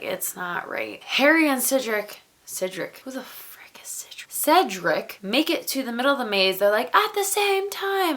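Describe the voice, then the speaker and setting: Animated woman reviewing a book casually. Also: medium pitch. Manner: animated, casual swearing, frequent "like".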